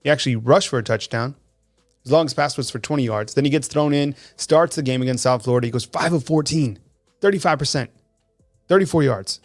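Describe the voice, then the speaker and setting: A man hosting a live call-in sports talk show, talking in an animated, conversational way and reading fan comments aloud. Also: mid-range voice, a little fast, soft background music.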